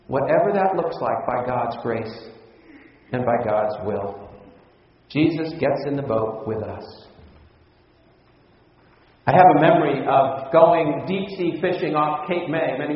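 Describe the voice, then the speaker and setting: A man's voice: a little high, expressive, takes it slowly, long pauses. A man preaching a sermon, telling a personal story with chuckles and speaking directly to the listeners. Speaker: pastor. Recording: echoey hall, distant mic, dull sound.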